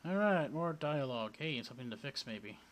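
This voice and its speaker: A man's voice: medium pitch, expressive, a little fast, fairly bright tone, slight background noise. A man with a Welsh accent giving wry, offhand commentary while playing a video game. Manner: wry, offhand, mumbling asides. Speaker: let's play host.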